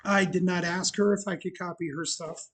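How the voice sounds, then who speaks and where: A man's voice: high voice, fairly even intonation, moderate pace, fairly bright tone, husky. A man hosting his own livestream show, telling a rambling story in casual chat with many fillers and restarts. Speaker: bar owner and show host.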